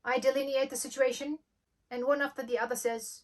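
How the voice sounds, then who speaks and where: A young woman, hosting a storytime vlog and telling an anecdote in a lively way, acting out the dialogue. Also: sits high, a little fast. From Germany. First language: German. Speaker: channel host.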